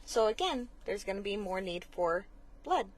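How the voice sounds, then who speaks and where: A woman's voice: mid-range voice, animated, normal speed. Earnest woman explaining a cause. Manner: earnest, explanatory, many restarts. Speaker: blood center marketing manager, guest. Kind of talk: conversational interview.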